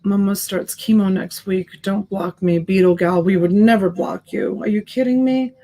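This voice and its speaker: Speaking at a normal speed with a medium pitch, fairly even intonation and a dark tone, a live-stream seller chats casually with her audience. She answers comments by name, sounding sympathetic.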